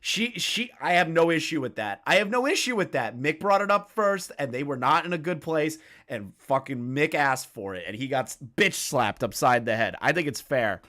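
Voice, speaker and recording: A man's voice: fairly high pitch, animated, moderate pace, few pauses, pushed and bright. A man hosting a drama commentary video, reacting bluntly and with a lot of swearing. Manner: blunt and profane, with frequent restarts. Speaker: commentary channel host.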